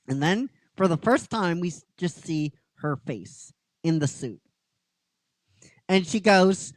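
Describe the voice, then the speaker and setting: A man hosting a show retells a story with plenty of emphasis, and he often restarts his sentences. His pitch rises and falls widely while his pace stays unhurried. The sound is dry and close. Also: no room sound. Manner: animated, with restarts and emphatic stresses. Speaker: host. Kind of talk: enthusiastic episode retelling.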